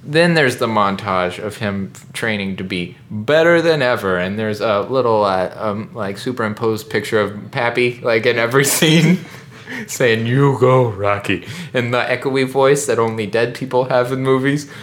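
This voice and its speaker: A man co-hosting a podcast, rambling through an animated, joking recap of a movie. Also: mid-range voice, normal speed, hardly any pauses. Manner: rambling, animated storytelling with laughs. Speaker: podcast co-host. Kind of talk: casual comedic chat recapping a movie.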